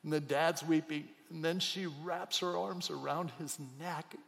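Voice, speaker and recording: A middle-aged man preaching a sermon as a pastor, emotional, moving between soft, hushed passages and loud, emphatic outbursts. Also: a little high, fairly even intonation, unhurried, vocal fry. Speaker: pastor and chaplain. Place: church hall. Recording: long hall reverb.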